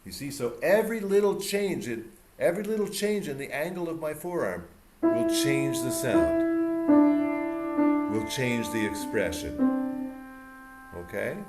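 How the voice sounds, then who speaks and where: Male piano teacher, animated encouraging coach, repeats words for emphasis, piano behind. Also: medium pitch, unhurried, long pauses. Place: music room with piano and mirror.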